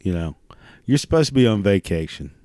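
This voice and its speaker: Guy ranting, cussing nonstop, kinda low voice, rambles and restarts a lot, dry close sound. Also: big pitch swings, fairly quick, warm tone, dry recording. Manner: profane, crude, ranting. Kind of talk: casual monologue rant.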